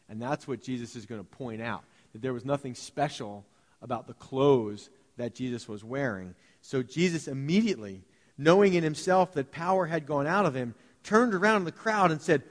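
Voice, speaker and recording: A man preaching a sermon as pastor, in a lively, conversational way, acting out short voices as he tells the story. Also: medium pitch, normal speed, big-room sound. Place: church sanctuary.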